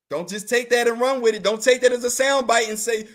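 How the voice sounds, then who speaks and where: Here the guest's voice is very high and fairly bright, moving at a moderate pace with barely any pauses. He's a man on a talk show replying to live comments in a funny, casual way, playfully teasing, laughing often, and drawing out words for effect.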